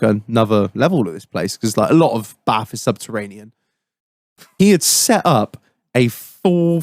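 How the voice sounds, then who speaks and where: A man's voice: a little high, no room sound. A man on a casual podcast, swearing freely, laughing and mimicking people as he tells stories. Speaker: podcast co-host. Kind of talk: casual banter with friends.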